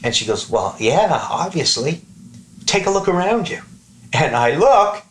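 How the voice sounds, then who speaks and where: A man's voice: a little high, unhurried. A man from the East Coast of Canada telling a comic story among friends, swearing freely and acting out the lines of people in the story. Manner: profane, animated, acts out quoted lines. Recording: roomy echo.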